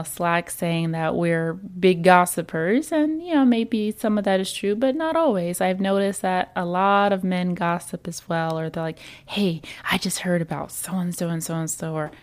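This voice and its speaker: A woman with a slightly low voice talks casual self-help advice to her viewers. She sounds earnest and chatty and slips into little acted-out quotes of other people. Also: a little mellow. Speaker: relationship and self-development advice host. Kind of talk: casual advice talk to camera.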